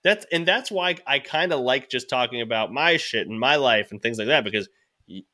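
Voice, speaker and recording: A man's voice: medium pitch, lively intonation, normal speed, bright, forceful tone. A man, a stand-up comedian, talking in a casual podcast chat, rambling and swearing freely, with frequent restarts and laughs.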